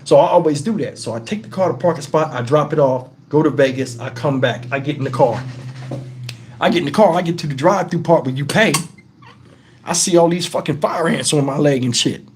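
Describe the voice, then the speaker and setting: This middle-aged Texan host speaks at a fairly high pitch and a little fast, with slight background noise. Telling a rambling story to camera on his channel, he's animated, swears a lot, and keeps wandering into asides.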